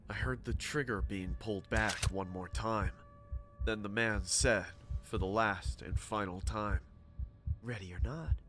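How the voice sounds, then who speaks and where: A man narrating a horror story in a steady, dramatic scripted telling. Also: fairly low pitch, noisy background.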